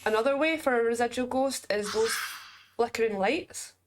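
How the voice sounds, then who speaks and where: Scottish woman, game reviewer, slightly high voice, chatty commentary with jokey asides. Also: slight background noise. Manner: chatty, explaining as she plays, quick asides and jokes. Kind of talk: casual gameplay commentary.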